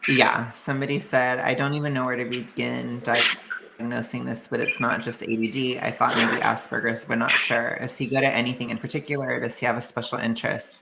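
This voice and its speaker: A woman's voice: very deep voice, flat delivery, fairly quick. A woman co-hosting a podcast, mostly giving short replies and asking probing questions in casual chat. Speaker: podcast co-host. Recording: dull recording with clear noise.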